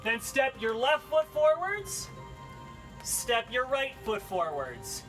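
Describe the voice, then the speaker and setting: A man's voice: very high voice, sing-song, takes it slowly, fairly bright tone, faint music behind. A man leading a live-streamed workout class, upbeat and cheery, cracking puns between exercise cues. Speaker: fitness instructor. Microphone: camera mic he adjusts.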